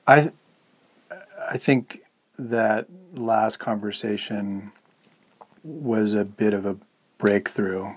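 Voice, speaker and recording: A man's voice: on the low side, slow, pauses often, husky. A man co-hosting a podcast, speaking candidly and hesitantly, often searching for words in a reflective conversation. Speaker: podcast co-host.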